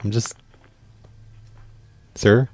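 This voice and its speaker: A man hosting a live radio show and making prank phone calls, speaking deadpan and often stumbling over his words. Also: extremely slow. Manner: deadpan, stammers and repeats words. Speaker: prank-call radio host.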